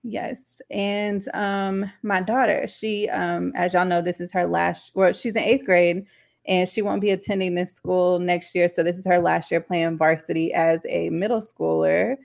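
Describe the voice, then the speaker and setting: A woman's voice: fairly low pitch, steady tone, unhurried, gravelly, darkish tone. A woman co-hosting a talk show, speaking casually and hesitantly with many ums. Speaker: podcast co-host. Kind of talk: casual chat.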